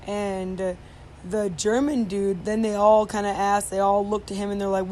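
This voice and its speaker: A woman's voice: medium pitch, little pitch movement, normal speed, a little mellow. A woman in the middle of her own range tells a story on her podcast, rambling along with plenty of fillers and restarts. The talk is loose and conversational. A faint background noise sits under her voice. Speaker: podcast host. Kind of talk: casual storytelling monologue.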